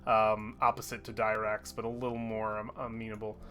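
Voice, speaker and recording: A man running a tabletop game as game master, easygoing and quick to laugh. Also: on the low side, completely flat delivery, fairly bright tone. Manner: easygoing, laughs often, fillers.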